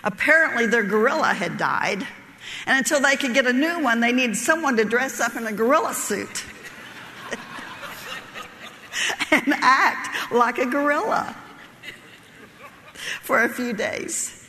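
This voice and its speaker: High bright-voiced woman preaching. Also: expressive, takes it slowly, pauses often, long reverb tail. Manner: folksy storytelling, laughs at her own jokes. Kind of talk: sermon with a joke story.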